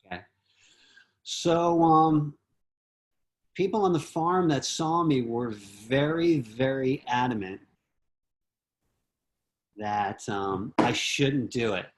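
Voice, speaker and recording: A man's voice: medium pitch, expressive, slow, pauses often. A man on a video call, earnestly telling a personal memory with many fillers and restarts. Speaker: disciple giving homage.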